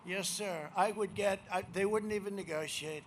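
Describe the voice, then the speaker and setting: A man giving a campaign rally speech as president, boastful and rambling, repeating himself and swinging from shouts to muttered asides. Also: high-pitched, moderate pace, slight background noise. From United States. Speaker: president speaking as a candidate. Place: rally venue.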